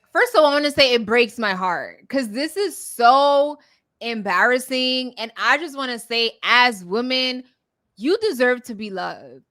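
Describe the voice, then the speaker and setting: A woman's voice: sits high, pushed and bright. A young adult woman co-hosting a podcast, giving emphatic, preachy advice in casual chat. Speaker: podcast co-host.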